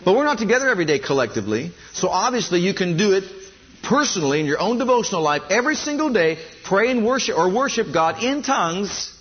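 A man's voice: high voice, a little hiss or hum. A male pastor preaching a sermon, emphatic and repeating his points. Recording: dull lo-fi recording.

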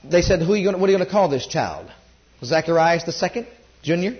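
A man preaching a sermon, rising loud on key points and dropping low when quoting scripture. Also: animated, fast talker, highs cut off, a little hiss or hum.

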